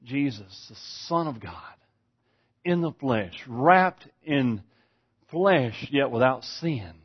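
A man preaching a sermon, swinging from hushed, slow scripture reading up to loud, shouted preaching. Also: mid-range voice, lively intonation, husky. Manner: reads scripture slowly and deliberately. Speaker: pastor. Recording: dull lo-fi sound.

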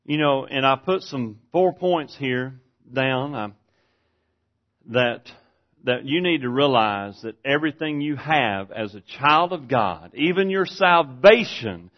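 A man's voice: medium pitch, expressive. Preaching man, dull lo-fi recording. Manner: swings from hushed to loud preaching, rising to shouts; reads scripture slowly and deliberately. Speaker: pastor. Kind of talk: sermon. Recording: dull lo-fi sound.

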